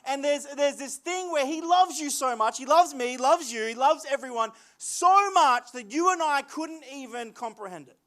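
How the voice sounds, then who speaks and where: A young man preaching with a very high voice. He is earnest, often repeats words as he builds a point, and slows into falling phrases when he reads scripture aloud. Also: animated, fairly bright tone. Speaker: lead pastor. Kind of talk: sermon.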